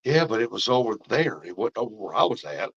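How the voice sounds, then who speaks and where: A man's voice: fairly low pitch, very animated, fast, gravelly, fairly bright tone, slightly rough. A middle-aged man, chatting casually with viewers and telling folksy stories with frequent laughs. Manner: folksy storytelling, laughs often. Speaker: fishing vlogger. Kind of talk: casual live chat with viewers. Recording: dull lo-fi stream audio.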